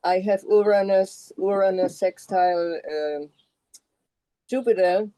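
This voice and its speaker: A woman's voice: mid-range voice, dark tone, no echo, low-quality recording. Hesitant woman on a dry video call. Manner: hesitant, halting phrasing. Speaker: viewer calling in. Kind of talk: casual chat on a video call.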